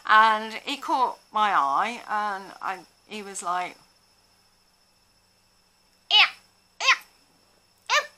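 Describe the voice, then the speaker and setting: A woman's voice: fairly high pitch, bright, forceful tone. A woman vlogging with casual storytelling, blunt and sarcastic, swearing freely.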